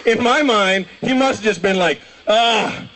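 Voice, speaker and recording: A young man doing a stand-up comedy set, telling rambling stories and breaking into shouted impressions. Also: high-pitched, normal speed. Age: young adult. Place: small comedy show venue.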